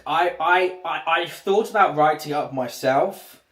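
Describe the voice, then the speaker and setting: A man's voice: on the high side, a little slow, fairly bright tone. Rambling man in a roomy room. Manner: rambling, restarts sentences often. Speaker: livestreamer. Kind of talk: casual livestream chat. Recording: roomy echo.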